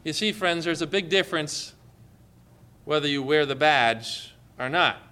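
A man preaching a sermon, acting out quoted lines with big swings in pitch and loudness. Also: measured pace, smooth.

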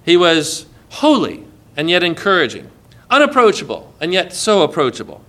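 A man preaching a sermon in an earnest way, often dropping soft and low as he quotes. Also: wildly swooping pitch, moderate pace.

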